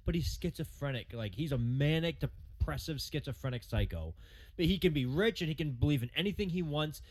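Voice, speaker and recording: A man co-hosting sports talk radio, ranting in an animated way and mocking players with put-on voices. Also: on the high side, fairly quick.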